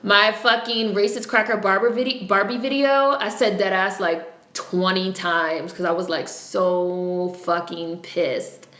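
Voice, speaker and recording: A woman's voice: medium pitch, measured pace, fairly bright tone. A woman with a New York accent hosting a casual livestream, chatting bluntly with lots of swearing. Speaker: livestream host. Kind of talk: casual live-stream chat. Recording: echoey room.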